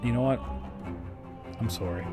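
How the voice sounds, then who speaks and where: A man's voice: mid-range voice, normal speed, loud music behind the voice, natural voice. Man doing a brash trash-talking short racer. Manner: mocking, crude, swaggering.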